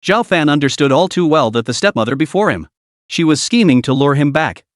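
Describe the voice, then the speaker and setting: A male narrator reading a scripted story recap with dramatic delivery. His voice sits fairly high for a man and moves about a lot in pitch, with dry, close sound and no room echo. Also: animated, brisk.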